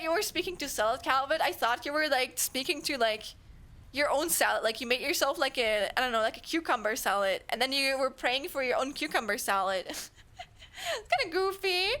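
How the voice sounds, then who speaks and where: High, bright giggly streamer woman. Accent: German. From Germany. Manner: chatty and giggly, rambling with many fillers. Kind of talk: casual chat with viewers. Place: home streaming setup.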